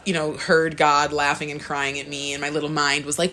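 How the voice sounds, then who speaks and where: A woman co-hosting a casual spiritual podcast, telling a personal story earnestly and acting out her own thoughts in a higher voice. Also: little pitch movement, a little fast, bright, forceful tone. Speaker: podcast co-host.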